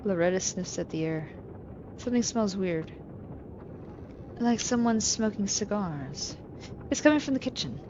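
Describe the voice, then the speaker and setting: A woman voicing a plain-spoken housewife who narrates a noir story in a flat, world-weary way. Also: mid-range voice, unhurried, long pauses, lo-fi sound, background noise, lightly acted. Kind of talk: voiced game narration.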